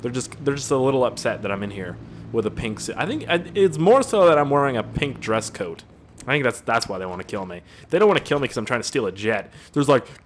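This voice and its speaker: A man's voice: medium pitch, animated, quick pace, a little hiss or hum. A young man doing casual, profane gameplay commentary, rambling and joking as he plays. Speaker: gaming channel host.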